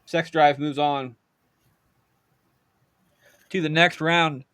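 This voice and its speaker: Guy hosting a podcast, kinda high voice, rambling and laughing a lot, dry close mic. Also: steady tone, drawn-out words, pushed and bright, clean tone, dry recording. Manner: laughs often, loose and rambling. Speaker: podcast host. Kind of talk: casual podcast banter.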